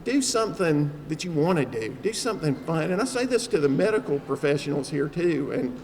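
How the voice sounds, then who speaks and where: A man's voice: fairly high pitch, sing-song, a little fast. A man giving a personal speech to an audience as a trauma survivor, telling his story with humor in a chatty way, with fillers. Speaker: trauma survivor speaking at an event. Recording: long hall reverb, faint background noise.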